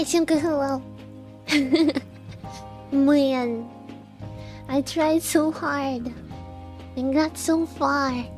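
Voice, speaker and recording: A woman streaming a game and chatting casually, giggling often as she greets viewers one by one. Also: high-pitched. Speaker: VTuber streamer. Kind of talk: casual livestream chat.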